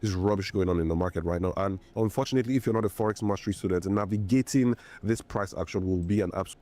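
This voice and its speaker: A man's voice: sits low, fast, a little mellow. A man presenting a trading video in a hyped, preachy way. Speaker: trading educator.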